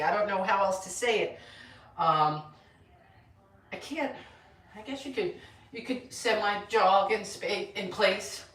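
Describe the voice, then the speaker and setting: A woman's voice: mid-range voice, a bit bright. An older woman chatting casually on a live stream, counting out exercise reps and rambling about her day. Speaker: lifestyle channel host. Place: home room with a mirror. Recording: echoey room, voice from a distance.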